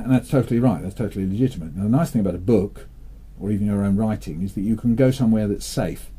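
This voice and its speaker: An older man from England, talking in a relaxed interview with a dry, playful manner and telling jokes with lively delivery. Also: low voice, slightly rough. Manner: dry, playful, animated when storytelling. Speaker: interviewee, children's author.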